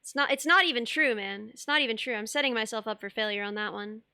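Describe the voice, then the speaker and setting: A woman's voice: fairly high pitch, fast talker, sharp tone, clear, resonant tone, no room sound, clean studio sound. A young woman streaming live, chatting casually while she sculpts, bubbly and rambling, laughing often and reading chat aloud.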